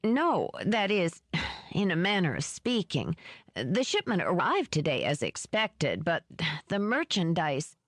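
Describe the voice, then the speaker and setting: A woman's voice: lowish voice, wildly swooping pitch, unhurried, no room sound, clean studio sound, exaggerated voice. A woman voicing a small, timid male assistant who speaks nervously and deferentially.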